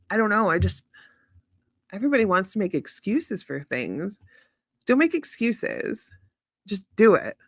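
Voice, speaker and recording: A woman's voice: lowish voice, no echo, studio quality. A woman hosting a casual live chat, speaking frankly and bluntly, handing out tough-love advice with casual swearing and talking to viewers by name. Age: adult parent. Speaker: host of a live chat stream.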